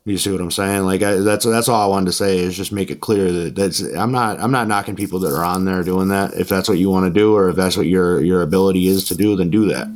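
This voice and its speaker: Podcast host guy just talking, rambly and casual, lots of "like" and restarts, gets animated doing other people's lines. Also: sits low, quick pace, hardly any pauses. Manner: rambling, many restarts and fillers; animated when quoting others. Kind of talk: casual storytelling chat.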